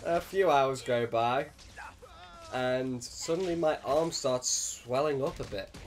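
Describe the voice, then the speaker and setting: A man's voice: medium pitch, slow pace, faint music behind. A young man telling a funny childhood anecdote with lots of laughter. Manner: animated storytelling with frequent laughter. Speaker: let's play host. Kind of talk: casual anecdote.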